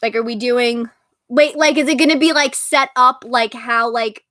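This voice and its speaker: A woman's voice: fairly high pitch, steady tone, moderate pace, pushed and bright, no echo, clean studio sound. A young woman chatting casually on her own live stream, giggling often and filling her talk with "like". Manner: giggly, chatty, full of "like" and laughter. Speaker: host.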